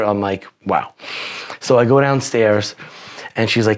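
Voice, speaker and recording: A man in his forties, appearing as a podcast guest, tells personal stories in a rambling, profane style full of restarts. His voice is fairly low with lively intonation at a normal speed, fitting the casual interview storytelling.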